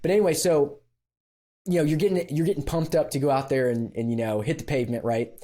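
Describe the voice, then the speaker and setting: A man guest on a podcast, telling a personal story in a casual, animated way with frequent laughs and fillers. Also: fairly high pitch, quick pace.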